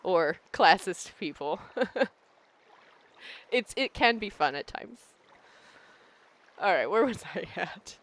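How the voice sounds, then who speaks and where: A woman's voice: lowish voice, lively intonation, slow, long pauses, fairly bright tone. A woman game streamer talking in casual live-stream chat, rambling and laughing often.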